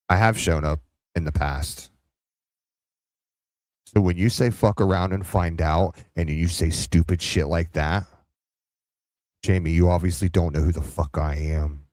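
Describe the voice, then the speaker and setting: A man hosting a live reaction stream, his voice fairly low but swinging widely up and down. He rambles, taunts and swears freely. The sound is close and dry. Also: darkish tone, no echo.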